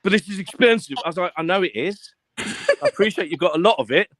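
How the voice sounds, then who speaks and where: A man telling stories in a casual live-stream chat, animated and full of swearing, acting out what people said. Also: sits high, fast talker, no room sound. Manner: animated storyteller, swears a lot, acts out quotes.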